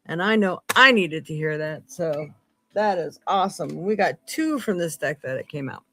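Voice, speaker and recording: A woman hosting a live psychic tarot reading. She speaks earnestly and swings between loud emphasis and hushed asides. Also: on the low side, lively intonation, moderate pace. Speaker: psychic tarot reader and host.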